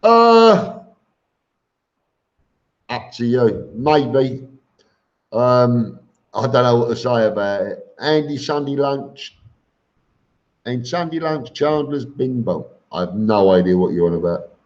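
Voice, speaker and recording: Cockney man, middle-aged, slow unhurried talk, blunt live-stream chat, dull lo-fi audio. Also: mid-range voice, animated, darkish tone. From England. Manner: blunt, plain-spoken, with many ums and repeated words. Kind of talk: casual live-stream chat reading viewer comments.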